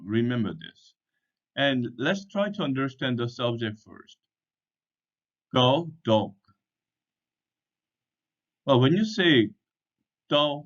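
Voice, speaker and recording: A man teaches at a very slow, careful pace, spelling words out letter by letter. He speaks with a mid-range voice. The recording sounds dull and lo-fi. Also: medium pitch. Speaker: English teacher. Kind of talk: slow explanatory language lesson.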